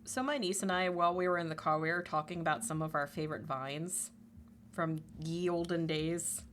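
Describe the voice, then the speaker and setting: A woman's voice: normal speed, fairly bright tone, slight background noise. A woman livestreamer in casual chat, talkative, laughing often and swearing freely. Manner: chatty, swears, laughs often, quotes memes in a squeaky voice.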